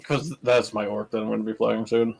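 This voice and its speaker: A man's voice: lowish voice, fairly even intonation, a little fast, gravelly, breathy edge. A man playing in a tabletop game, chatting casually, joking and swearing freely. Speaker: player.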